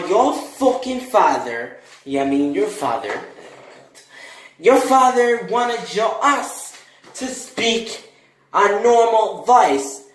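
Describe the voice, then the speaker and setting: A performer voicing a crude, foul-mouthed, bossy male teacher who barks slow commands in a one-person comedy skit. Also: medium pitch, a bit bright, echoey room, poor audio.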